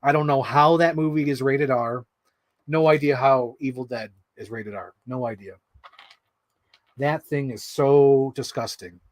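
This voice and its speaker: A man chatting casually while building an action figure, rambling and excitable, swearing freely and acting out quotes. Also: medium pitch, a little slow, dry recording. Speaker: toy unboxing vlogger.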